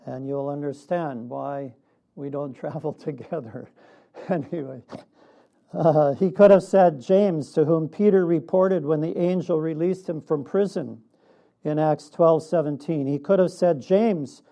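A man preaching a sermon in a measured way, with a laugh now and then. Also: fairly high pitch, gravelly, mellow. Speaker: pastor.

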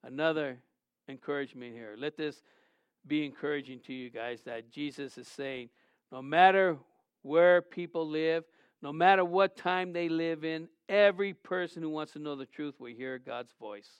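A man's voice: a little high, normal speed, smooth, no room sound, highs cut off. A man preaching a sermon, reading scripture aloud and asking his listeners questions, rising with emphasis on key words. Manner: addresses listeners directly with questions. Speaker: pastor.

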